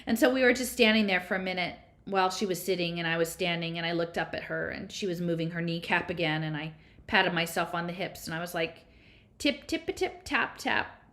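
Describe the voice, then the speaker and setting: A woman reads a first-person novel aloud, conversational and a little unpolished, with small slips. Her voice sits slightly low. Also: steady tone, fast talker, a bit bright. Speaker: audiobook reader.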